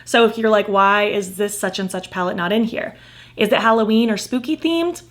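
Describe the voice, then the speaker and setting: A woman's voice: medium pitch, moderate pace, a bit bright. A young woman vlogger reviewing makeup in a casual, gushing way, full of fillers and repeated praise. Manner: gushing, enthusiastic, lots of fillers like "like" and "so cute". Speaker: beauty vlogger.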